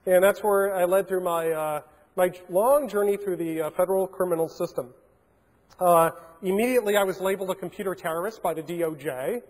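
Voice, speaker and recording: A man's voice: high voice, fairly quick. A man giving a keynote talk, telling a story and acting out the dialogue in a large conference hall. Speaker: keynote speaker.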